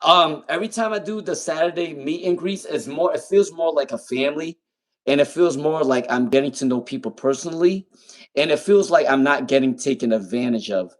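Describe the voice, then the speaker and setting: A man's voice: fairly high pitch, a little fast. A young man hosting a live-stream tarot reading, talking casually with viewers, often repeating himself and breaking into laughter.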